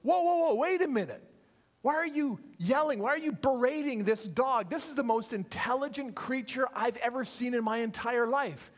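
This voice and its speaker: A man voicing an excitable male bystander who exclaims in disbelief, in an echoey church hall. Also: very high-pitched, moderate pace, voice pushed up. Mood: indignant. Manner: exclaiming, incredulous.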